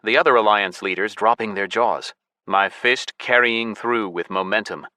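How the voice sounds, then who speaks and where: A man narrating a fantasy novel in the first person, steady and measured, as an audiobook reader on a close studio mic. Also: fairly low pitch, dry recording.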